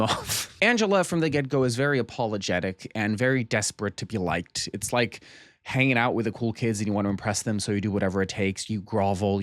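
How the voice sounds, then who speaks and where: A young man recapping a comedy film in a casual, sarcastic way, swearing often and telling it with lively energy. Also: fairly low pitch, no room sound, studio quality. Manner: profane, sarcastic, animated storytelling. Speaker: movie reviewer.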